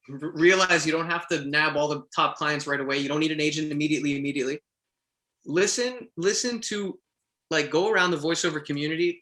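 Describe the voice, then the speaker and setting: A man's voice: on the high side, bright, forceful tone. A man from Quebec, a voice actor, talking casually in an interview with earnest, encouraging advice and frequent restarts. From Quebec, Canada. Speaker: voice actor guest.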